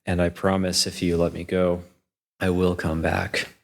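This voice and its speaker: A man's voice: sits low, a little slow, gravelly. A man voicing a fearless, honest young prince who speaks steadily to his captor. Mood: earnest. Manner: steady, earnest.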